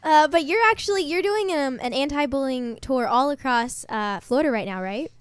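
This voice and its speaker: A woman's voice: high-pitched, moderate pace, no echo. A woman co-hosting a web radio show in a studio, upbeat as she asks her guest questions. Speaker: radio co-host. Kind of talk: radio interview.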